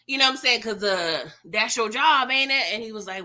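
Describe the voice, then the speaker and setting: A young woman hosts a live TV recap stream and chats casually with her viewers. Her voice is bright, forceful and a little high. She talks in a loose, slangy way and laughs often. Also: animated, brisk.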